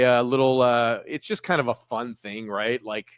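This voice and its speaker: A man's voice: medium pitch, moderate pace, no room sound, clean studio sound. A man hosting a casual livestream, rambling through his stock trades with frequent fillers and restarts. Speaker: trading livestream host.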